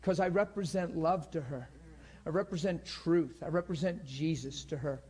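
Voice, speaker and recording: A middle-aged pastor preaches through a personal story, his slightly raised voice full of feeling. He acts out each person's lines as he tells it, swinging between hushed moments and louder bursts. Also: fairly high pitch, moderate pace, breathy edge. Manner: emotional, acts out both sides of a story. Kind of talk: sermon storytelling.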